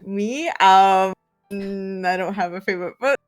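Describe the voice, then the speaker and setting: A woman's voice: mid-range voice, a little slow, faint music behind. A woman gamer in a voice chat, playful and mock-indignant. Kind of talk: casual voice chat banter.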